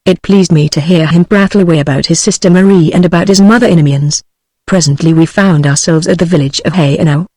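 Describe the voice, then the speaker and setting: A woman's voice: lowish voice, a little fast, darkish tone, no echo, low-quality recording. Dry synthetic British woman reading a book. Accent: British English. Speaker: audiobook narrator. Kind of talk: text-to-speech book reading.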